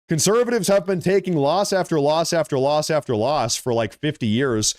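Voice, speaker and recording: A young man delivers a heated political rant on a livestream, combative and profane. His voice sits a little high for a man and swings from loud outbursts down to low muttering. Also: normal speed, hardly any pauses. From United States. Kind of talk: ranting live commentary.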